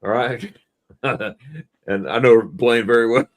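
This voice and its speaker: A middle-aged man hosting a casual live stream, telling animated stories and quizzing his listeners as he goes. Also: mid-range voice, slow. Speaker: host.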